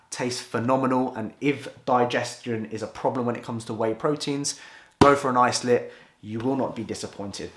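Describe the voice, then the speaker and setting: A man's voice: mid-range voice, roomy sound. A man, rambling and swearing cheekily in a casual vlog from his home kitchen. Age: 20s. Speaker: fitness vlogger.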